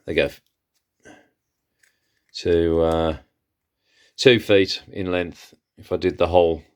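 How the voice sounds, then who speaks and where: A man's voice: sits low, steady tone, slow, smooth. A man who hosts a vlog and chats with enthusiasm as he shows off his antiques haul, with frequent fillers. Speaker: antiques seller and channel host. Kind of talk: casual haul vlog, showing items.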